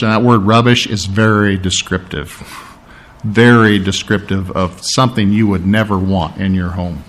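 A man preaching a sermon, acting out scripture scenes, then dropping to a soft, quiet voice for tender lines. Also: normal speed. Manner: animated, acts out scripture scenes with big pitch swings.

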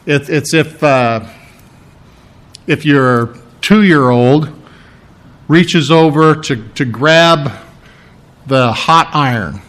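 Animated man preaching a sermon. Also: measured pace, long pauses. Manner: animated, acts out quotes with big swings in pitch and loudness; frequent restarts and throat clearing.

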